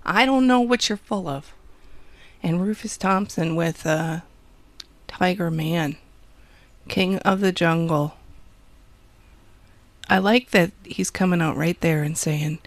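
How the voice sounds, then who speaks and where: A woman's voice: fairly low pitch, slow pace, pauses often, dry recording. A woman with a Wisconsin accent hosting a college radio show, rambling and joking about herself between songs. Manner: rambling, jokey, self-deprecating. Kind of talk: casual radio DJ chat.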